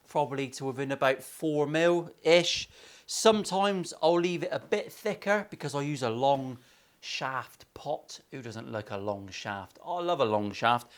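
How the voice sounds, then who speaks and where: English guy in his workshop, guitar-maker banter, swears a lot, cheeky crude asides, mid-pitched voice. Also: fairly bright tone, smooth. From England. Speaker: luthier.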